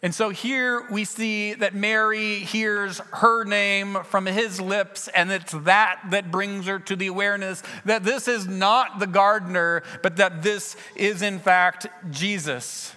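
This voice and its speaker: A man preaching a sermon in a church, retelling scenes with lively acted dialogue. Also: sits high, takes it slowly, hardly any pauses, clean tone, in a large hall. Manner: earnest storytelling, acting out scenes with shifts in loudness. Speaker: pastor.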